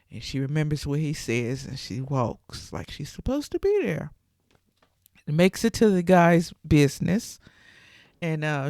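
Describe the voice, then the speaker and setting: A woman's voice: low voice, a little mellow, no echo, clean studio sound. A woman casually retelling a film's plot in her own words, chatty and full of fillers. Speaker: channel host. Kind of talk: casual movie recap.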